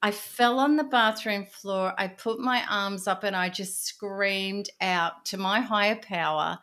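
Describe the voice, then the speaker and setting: A middle-aged woman, an interview guest, telling her personal story in an earnest, intense way, often dropping to a hushed voice. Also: medium pitch, unhurried, few pauses.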